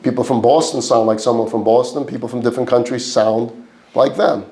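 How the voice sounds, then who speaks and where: A rabbi with a New York accent leads a class in a mid-pitched male voice. He throws rhetorical questions at the room and answers them himself. His delivery stacks repeated phrases into lists as he builds each point. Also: fairly even intonation, fairly quick, mellow. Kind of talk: lecture to a live class.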